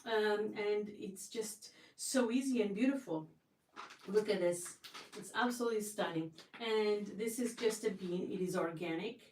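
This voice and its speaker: A woman's voice: mid-range voice, a little slow, darkish tone, a little hiss or hum. Gushing woman chatting in a roomy kitchen. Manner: chatty and effusive, with many restarts. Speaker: livestream host. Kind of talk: casual livestream chat. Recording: roomy sound from a distance.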